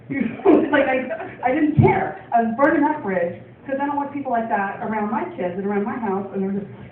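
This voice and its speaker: A woman's voice: fairly high pitch, brisk, slight background noise. Woman stand-up comic, rambling, ums and laughs, far from the mic, echoey room, thin phone-like sound. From Portland, Oregon. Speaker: stand-up comedian. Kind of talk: stand-up comedy set. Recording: distant, echoey, phone-like club recording.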